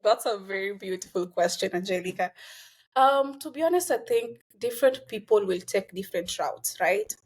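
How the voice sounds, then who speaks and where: Husky young woman, earnest. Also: medium pitch, expressive, moderate pace. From Kenya. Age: young adult. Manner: earnest, fills with "you know" and "like". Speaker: guest. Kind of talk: casual conversation.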